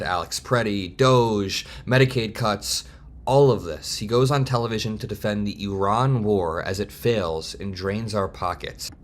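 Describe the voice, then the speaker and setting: A man's voice: lowish voice, fairly bright tone. Heated young man ranting. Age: 20s. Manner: heated, fast, worked-up ranting. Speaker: political commentator. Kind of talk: direct-to-camera political commentary.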